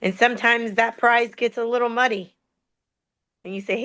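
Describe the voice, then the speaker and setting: A woman's voice: a little high, fairly even intonation, moderate pace, a bit bright. A woman on a motivational panel who talks earnestly, laughs often and repeats her words for emphasis. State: just out of hospital.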